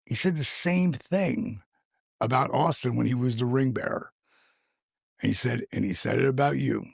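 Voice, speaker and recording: A man who is a guest on a podcast, telling stories with lively energy in a casual conversation and acting out the voices of other people. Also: mid-range voice, moderate pace, creaky, slightly rough, no echo, clean studio sound. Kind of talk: animated storytelling in casual conversation.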